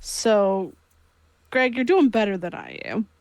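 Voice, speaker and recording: A woman's voice: mid-range voice, very animated, slow pace, dry recording. A woman co-hosting a casual chat, blunt and wry, swearing casually. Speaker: podcast co-host.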